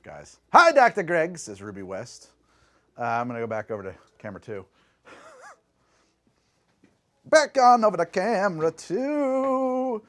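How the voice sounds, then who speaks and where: A middle-aged man with a New Jersey accent, hosting a rambling, jokey live stream from his home bar and reading out chat comments. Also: medium pitch. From New Jersey, USA. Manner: rambling, animated, jokey asides. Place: home bar and lab room.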